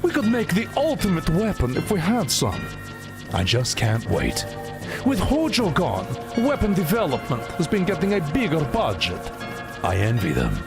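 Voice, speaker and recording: A man voicing a scheming female weapons chief in a game, putting on a mock Russian accent and a high, drawn-out voice. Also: wildly swooping pitch. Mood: greedy. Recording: loud game music behind.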